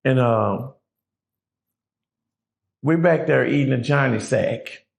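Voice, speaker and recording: A man's voice: mid-range voice, takes it slowly, vocal fry. A middle-aged man, a guest, telling a prison story in casual, profane street talk, acting out the people he quotes.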